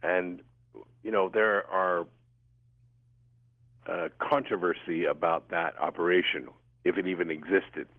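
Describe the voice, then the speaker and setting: A male radio guest calmly explaining things over the phone. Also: deep voice, measured pace, long pauses, no echo. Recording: tinny phone line.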